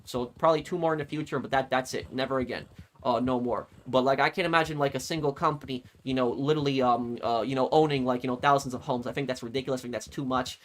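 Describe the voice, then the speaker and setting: A man's voice: medium pitch, fast talker. A man streamer telling a long story in casual chat, rambling and repeating words as he goes. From United States.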